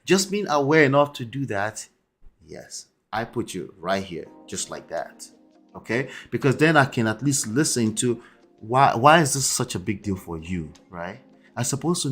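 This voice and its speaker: A man's voice: medium pitch, big pitch swings, moderate pace, a bit bright, slightly rough, faint music behind. A man hosting relationship commentary, reacting to a debate clip in an emphatic way that keeps checking in with the listener. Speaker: relationship coach and host.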